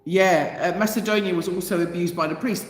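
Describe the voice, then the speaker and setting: In a lowish voice and at a fairly quick clip, the woman hosting this channel reads a piece of news before launching into indignant, passionate commentary. Her casual remarks are full of rhetorical questions, and the echoey space adds a long reverb.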